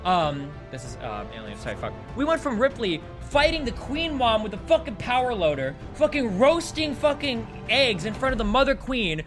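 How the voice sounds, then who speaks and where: A man's voice: extremely high pitch, sing-song, normal speed, few pauses, over music. A young man streaming live, ranting heatedly about a film with plenty of profanity. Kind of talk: live stream movie rant.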